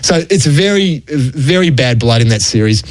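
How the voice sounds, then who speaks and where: A man's voice: medium pitch, expressive, moderate pace, no echo, poor audio. Dry-voiced Australian man telling cricket stories. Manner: chatty, chuckles through the anecdotes. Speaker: radio cricket history segment presenter. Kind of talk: anecdotal storytelling on sports radio.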